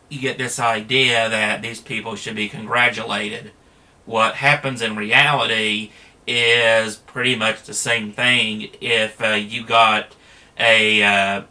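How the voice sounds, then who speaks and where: A man's voice: on the low side, sharp tone. A man talking in a casual, rambling monologue, plain-spoken, with frequent fillers and restarts.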